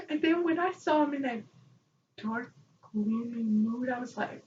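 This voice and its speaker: A high-pitched woman rambles excitedly in a casual vlog, laughing now and then. She sits a little back from the mic. The sound is dull and lo-fi, with a faint hiss behind her. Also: slow pace, long pauses, far from the mic. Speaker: vlogger. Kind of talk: casual chat.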